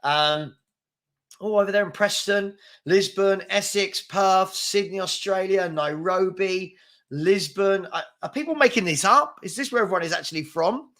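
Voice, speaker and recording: Young London man, live-stream host, fast and chatty, bright forward tone. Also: high voice. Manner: fast-talking, chatty, reads out names and places. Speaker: football chat host. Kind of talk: live-stream casual chat reading viewer comments.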